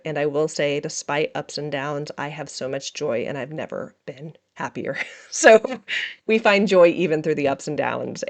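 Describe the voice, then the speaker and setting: A woman's voice: low-pitched, creaky. A middle-aged woman hosting a podcast, talking candidly and emotionally about her day in a casual monologue, laughing often. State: emotional, feeling raw. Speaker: podcast host.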